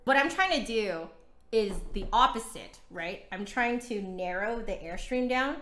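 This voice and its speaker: A woman's voice: mid-range voice, lively intonation, a little slow, a bit bright, slight background noise. American woman talking in a roomy space. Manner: chatty, talks straight to viewers. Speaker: flutist reviewing an instrument. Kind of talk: casual livestream demonstration. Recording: roomy echo.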